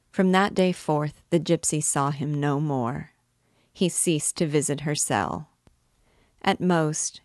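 A woman with a low voice reads a classic novel aloud, taking her time over every phrase. Her delivery is measured and even, recorded dry and close to the mic with no room sound. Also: dry recording. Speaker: reader and guide of a book series. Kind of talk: literary read-aloud narration.

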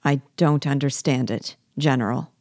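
A woman's voice: low-pitched, flat delivery, normal speed, a little mellow, dry recording, clean studio sound, lightly acted. A woman reading an audiobook, voicing a proud, ambitious male soldier who stammers when confused. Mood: stammering.

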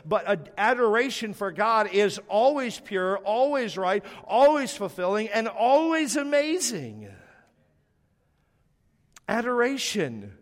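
A man's voice: sits high, sing-song, takes it slowly, in a large hall. A man pastor delivering a sermon in a church, emphatic and building phrases in repeated lists.

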